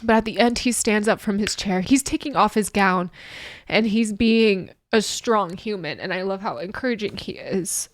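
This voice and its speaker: A woman giving heartfelt reaction commentary on a song, tearful and emotional, halting with small laughs and sighs. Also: medium pitch, no room sound, studio quality. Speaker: music reaction YouTuber.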